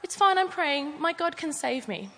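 A woman voicing a panicky, stubborn man stranded on a flooded roof, refusing help in high, insistent bursts. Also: expressive, moderate pace, bright, forceful tone, a little hiss or hum, heavily acted. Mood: stubbornly dismissive.

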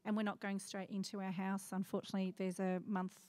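A woman's voice: mid-range voice, level tone, fast, a little mellow. Rambling woman making an announcement. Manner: rambling, self-correcting. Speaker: congregation member who is moving. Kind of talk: casual announcement.

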